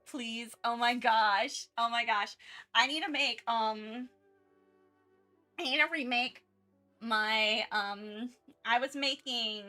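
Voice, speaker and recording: A woman's voice: fairly high pitch, sharp tone. A woman streamer chatting casually during her art livestream, rambling with many restarts and frequent giggles.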